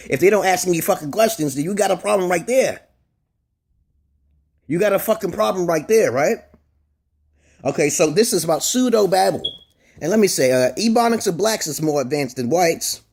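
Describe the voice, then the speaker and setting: Guy w a kinda high husky voice rambling at the camera, keeps saying okay, swears a lot. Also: a little mellow. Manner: repeats "okay?" and restarts words often, swears freely. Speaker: vlogger. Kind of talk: rambling opinion monologue to camera.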